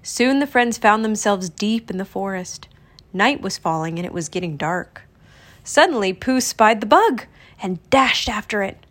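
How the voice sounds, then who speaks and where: A woman narrating a children's storybook read-aloud in an expressive, storytelling manner. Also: mid-range voice, unhurried.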